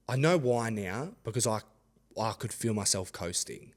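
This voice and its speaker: Lively young Australian man telling stories. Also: on the low side, measured pace. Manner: animated, acts out quoted voices, laughs often. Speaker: podcast guest, rugby league player. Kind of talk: casual storytelling.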